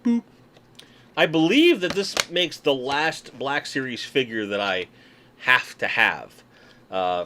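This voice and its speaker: A man's voice: fairly low pitch, bright, forceful tone, slight background noise. A man hosting a casual livestream from his desk, chatting and joking with viewers while unboxing toys. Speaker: livestream host. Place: home room at a desk.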